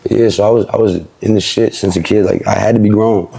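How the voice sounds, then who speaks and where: A young man from Philadelphia tells his own story with a low, gravelly voice and a husky edge. He rambles fast in heavy street slang, easy and unpolished. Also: fairly even intonation, warm tone. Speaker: interview guest, rapper. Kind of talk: casual storytelling.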